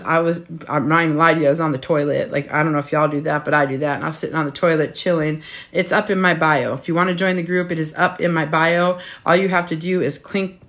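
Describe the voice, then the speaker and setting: A low, slightly bright voice belongs to a woman in her fifties who works as a menopause health coach. At home on her phone, she chats casually and frankly in a live stream, swearing freely.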